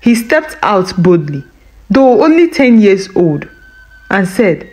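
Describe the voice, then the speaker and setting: A woman with a Nigerian accent narrating a scripted folktale in an expressive, sing-song way. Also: mid-range voice, slow pace, soft background music, low-quality recording. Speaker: storyteller.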